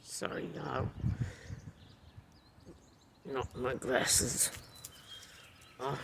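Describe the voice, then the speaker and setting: A man vlogging casually outdoors at his bird feeders, rambling quietly to viewers on a phone camera. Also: a little high, slow pace, vocal fry, long pauses. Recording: outdoor birdsong and ambient noise.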